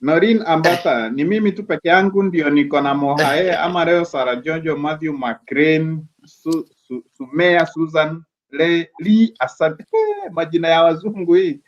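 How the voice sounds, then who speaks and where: A playful, teasing man co-hosting a live online show, switching freely between English and Swahili. His voice sits a little high for a man, and the recording has a dull, lo-fi sound. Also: lively intonation, normal speed. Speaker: co-host. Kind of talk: casual live-show chat, reading viewer greetings.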